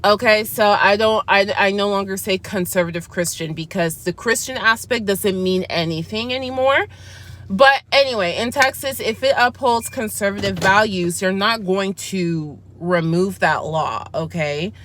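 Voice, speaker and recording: A woman vlogger with a mid-range, fairly bright voice talks at a moderate pace in a casual chat review. She's chatty and candid, acting out her own side of the conversations she recounts.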